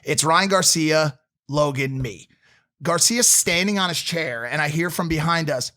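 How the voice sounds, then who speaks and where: A young man in his twenties co-hosting a podcast, telling a story in an animated, swearing way. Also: fairly high pitch, a little slow. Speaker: podcast co-host. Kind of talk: casual storytelling chat.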